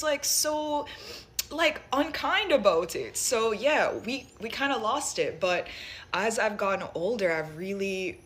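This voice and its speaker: A woman's voice: medium pitch, fairly bright tone. A young woman from Jamaica with a light Jamaican accent blended with American speech. She thinks aloud in a casual, rambling monologue full of fillers and restarts. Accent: light Jamaican mixed with American.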